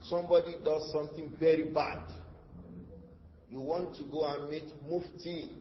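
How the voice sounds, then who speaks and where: A man's voice: fairly high pitch, flat delivery, moderate pace. A man giving a religious lesson, asking rhetorical questions and answering them himself, with Arabic terms that he then explains. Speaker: Islamic teacher. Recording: dull, echoey hall with faint noise.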